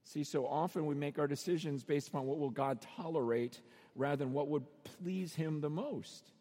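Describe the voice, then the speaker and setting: A pastor preaching a sermon in a conversational, questioning way, now and then acting out quotes. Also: male voice, fairly high pitch, normal speed, dark tone. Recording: long hall reverb.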